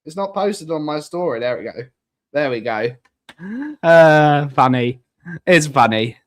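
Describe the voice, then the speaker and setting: A man with an Essex accent chats casually on a live stream, muttering as he reads viewer comments and answering them with drawn-out, emphatic words. His voice is on the high side and animated, with no echo.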